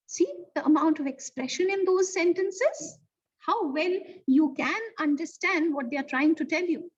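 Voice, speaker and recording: A woman's voice: high voice, unhurried. A woman teaching young children a lesson, talking expressively and asking the listeners questions. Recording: distant, dull mic sound.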